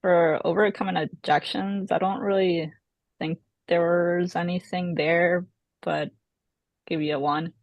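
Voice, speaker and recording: A person reads out scores on a practice sales call, pausing and hedging with many fillers. The voice is flat and gravelly, recorded close and dry. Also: mid-range voice, no echo, lo-fi sound. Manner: hesitant, many fillers and likes. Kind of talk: giving scored feedback.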